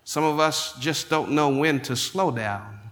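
A man's voice: fairly high pitch, a bit bright. Man preaching in a reverberant hall. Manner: builds to emphatic, drawn-out declarations. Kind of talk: sermon.

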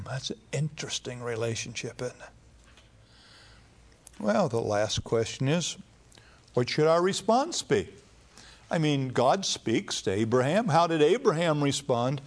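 A man preaches a sermon at a middling pitch, retelling scripture as a relaxed, conversational story. He talks plainly with the odd filler and restart, as though chatting with a congregation.

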